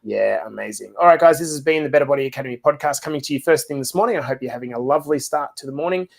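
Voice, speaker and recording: A man hosting a casual podcast conversation. He talks bluntly and swears freely, at an ordinary middle pitch, and winds up with an upbeat sign-off. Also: racing, gravelly. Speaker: podcast host.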